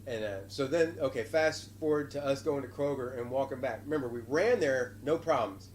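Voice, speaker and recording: Laughing, animated dad telling stories. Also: male voice, mid-range voice, brisk, a little hiss or hum. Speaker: podcast host and father. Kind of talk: casual chat with his young son.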